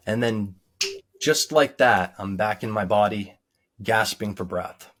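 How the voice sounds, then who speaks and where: A man, a guest in an interview, telling a personal story in a sincere, halting way with many pauses and ums. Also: lowish voice, fairly bright tone. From United States. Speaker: guest recounting a near-death experience. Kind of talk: earnest personal testimony.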